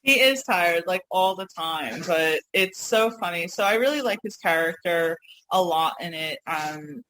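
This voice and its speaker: A woman's voice: fairly low pitch, expressive, measured pace, fairly bright tone, low-quality recording. A woman with a New York accent co-hosting a casual podcast, telling rambling stories with frequent laughs and apologetic asides. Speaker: co-host.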